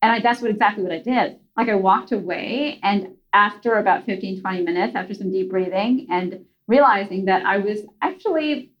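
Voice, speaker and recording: A woman talks earnestly and at an even, mid pitch, often restarting and dropping into soft asides as she tells a story. The recording sounds a bit dull and lo-fi. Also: normal speed, few pauses. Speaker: guest parent speaker. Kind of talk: conversational storytelling.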